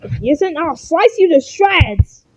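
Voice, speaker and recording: A woman voicing a hot-tempered chainsaw monster making slow, drawn-out threats. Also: extremely high pitch, sing-song, voice pushed up, exaggerated voice. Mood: threatening. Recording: muffled lo-fi recording with hiss.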